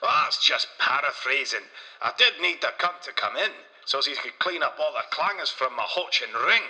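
A man's voice: mid-range voice, expressive, normal speed, bright, forceful tone. Man doing a vulgar Scottish inventor, bragging, cutting tone, long reverb. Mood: boastful. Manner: vulgar, swaggering, broad dialect. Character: crude boastful Scottish male inventor.

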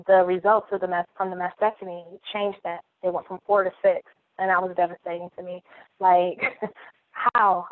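Woman guest around 40, candid and heartfelt, lowish flat voice on a dry, tinny line. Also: dry recording. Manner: candid, heartfelt, repeats phrases. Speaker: podcast guest. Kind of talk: personal storytelling in interview.

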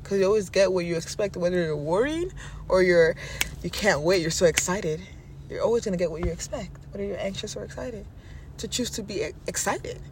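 A man giving a casual motivational monologue, animated and self-assured, talking in quick bursts about mindset. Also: high-pitched, a little hiss or hum. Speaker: self-help speaker.

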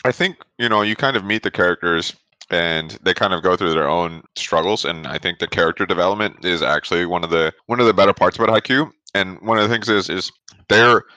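A man's voice: low-pitched, a little fast, bright, forceful tone, dry recording, lo-fi sound. A man hosting a casual podcast over a remote call, easygoing and talkative, explaining at length. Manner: easygoing, explains at length, acts out quoted lines. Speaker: podcast host. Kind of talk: casual chat.

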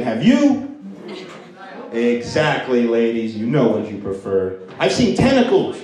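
A man's voice: on the high side, a little mellow. A man doing a stand-up set with crowd work in a comedy club, crude and often laughing at his own jokes. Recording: echoey room, mic from distance.

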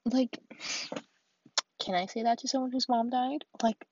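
A woman's voice: a little high, steady tone, measured pace, dark tone, husky, no room sound, dull audio. A young woman venting in a solo vlog, rambling with lots of fillers and often dropping to a whisper. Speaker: vlogger. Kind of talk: solo confessional vent.

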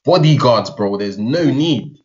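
A man's voice: medium pitch, expressive, unhurried, darkish tone. A young man, chatting casually about football, analytical but slangy. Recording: dull lo-fi audio.

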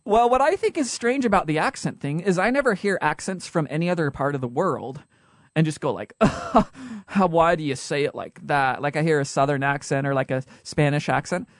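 A young man with a Utah accent, co-hosting a podcast in a casual, joking way with quick asides. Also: a little high, expressive, dry recording, clean studio sound. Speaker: podcast co-host.

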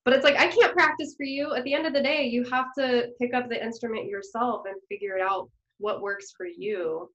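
A woman's voice: on the high side, brisk, few pauses, fairly bright tone. A woman hosting a podcast who also teaches music, chatty and enthusiastic as she talks with her guest. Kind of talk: podcast interview. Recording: roomy, dull podcast audio.

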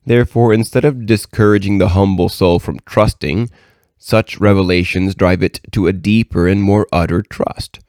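A man with a very low voice reads a devotional book aloud in a measured, earnest way. The recording is dry and close, with no room sound. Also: fairly even intonation, darkish tone, no room sound. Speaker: reader.

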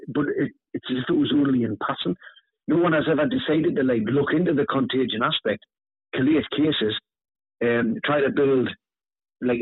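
A man, a guest author telling a ghost story in an animated way, often repeating words. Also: mid-range voice, husky, no echo. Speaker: author and paranormal investigator, guest. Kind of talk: conversational storytelling. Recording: tinny phone-line call audio.

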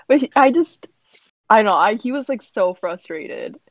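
A woman's voice: medium pitch, big pitch swings, a little slow, vocal fry, no room sound. A young woman co-hosting a podcast, telling a story in casual chat, laughing often and filling with "like". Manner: giggly storytelling, lots of "like". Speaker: podcast co-host. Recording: slightly dull lo-fi audio.

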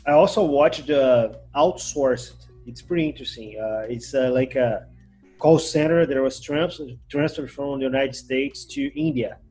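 Relaxed man hosting. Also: mid-range voice, a little slow, soft background music. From Brazil. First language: Portuguese. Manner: relaxed, uses many "uh" fillers. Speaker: podcast host. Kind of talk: casual chat.

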